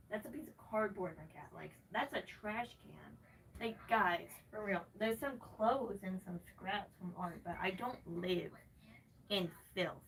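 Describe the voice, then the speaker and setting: A woman's voice: mid-range voice, gravelly, fairly bright tone, recorded from a distance, a little hiss or hum. A woman live streamer ranting at her chat from her bedroom, sarcastic and swearing constantly. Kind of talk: angry rant to chat. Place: her bedroom, moving around.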